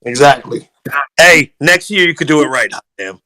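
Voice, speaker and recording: Man, bright sharp voice, higher pitch, teasing, interjecting, podcast banter. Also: normal speed. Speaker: podcast panelist.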